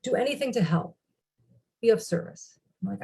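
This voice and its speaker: A woman's voice: mid-range voice, lively intonation, normal speed, vocal fry, warm tone, breathy edge, low-quality recording. A middle-aged woman speaking as a recovery speaker, telling personal stories in an earnest, candid way. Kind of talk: personal storytelling talk.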